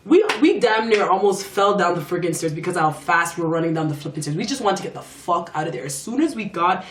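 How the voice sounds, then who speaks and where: Young woman, lively slangy storyteller; roomy, distant mic. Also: on the low side, a little fast, a little hiss or hum. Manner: animated, slangy, acts out quotes. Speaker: vlogger. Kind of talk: storytime vlog.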